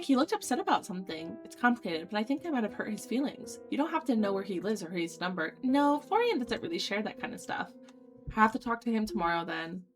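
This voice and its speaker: A young woman streamer reading a dating sim aloud, voicing its lines dramatically and breaking off into loud excited reactions. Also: a little high.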